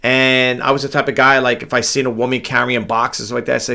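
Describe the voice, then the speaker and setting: Man, middle-aged, from New York, gravelly voice, tired, rambling, repeats himself, late-night home vlog. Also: mid-range voice, little pitch movement, a little fast, pushed and bright. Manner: rambling, repeats words, drifts between stories. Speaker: online reseller vlogger. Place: home room with a grandfather clock.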